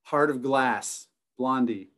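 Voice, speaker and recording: A man's voice: mid-range voice, slow pace, fairly bright tone. A man chatting as a podcast guest, easygoing and joking. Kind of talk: casual interview chat.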